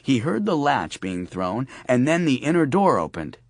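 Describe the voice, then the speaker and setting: A man's voice: medium pitch, big pitch swings, normal speed, dry recording. A man narrating an audiobook in a wry, storytelling manner. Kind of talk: scripted narration.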